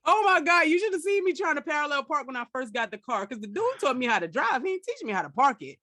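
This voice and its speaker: Animated young New York woman, very dry sound. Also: sits high, fast talker, no room sound. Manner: animated storytelling, laughs often, slangy. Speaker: podcast host. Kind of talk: casual interview chat.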